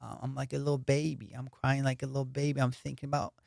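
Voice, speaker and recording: A man doing an impression of a famous boxer, a soft-spoken man who talks in a halting, childlike way. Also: mid-range voice, completely flat delivery, vocal fry, no room sound. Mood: nervous.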